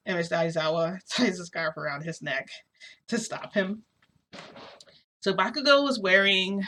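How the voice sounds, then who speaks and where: A woman's voice: lowish voice, sharp tone. A woman vlogger casually retelling a story in a rambling way, full of fillers. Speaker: shifting vlogger.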